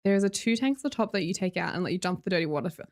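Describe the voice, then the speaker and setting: A woman's voice: on the low side, lively intonation, racing. An Australian woman streamer in casual live-stream chat, reading viewer messages aloud, chatty and laughing often.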